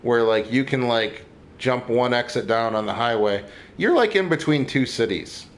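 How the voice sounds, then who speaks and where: A man's voice: mid-range voice, lively intonation, normal speed. A man hosting a podcast in casual chat, teasing and exaggerating with crude humor. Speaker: podcast host.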